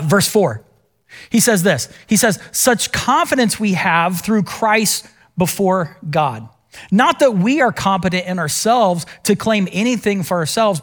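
A middle-aged male pastor preaching a sermon in a conversational, self-deprecating storytelling manner. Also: high-pitched.

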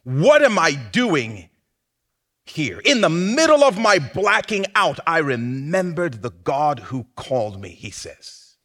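A man delivering a sermon in a lively, higher-pitched voice that rises and falls dramatically. He takes his time, drops to near-whispers, then bursts out loudly. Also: a little slow. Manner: dramatic, swings from hushed to shouting. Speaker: pastor.

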